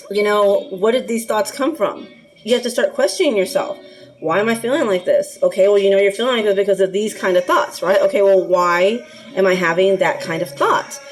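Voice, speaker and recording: A woman's voice: mid-range voice, darkish tone, a little hiss or hum, rough recording. A woman talking casually in a rambling vlog, filling her speech with ums and laughs while she cooks for her dogs. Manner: chatty, rambling, frequent fillers and laughs. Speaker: anxiety vlogger.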